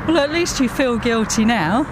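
A man with a high voice answers a street interview lightly, chuckling as he goes. Traffic sounds clearly behind him outdoors. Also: animated, normal speed. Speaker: passer-by.

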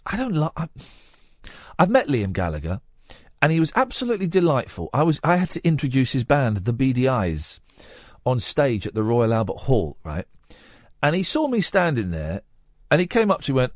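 This man, a radio host, talks fairly quickly in a loose late-night chat full of rambling and jokes, his pitch swinging in a lively way. The sound is dry and studio quality, recorded on a studio microphone.

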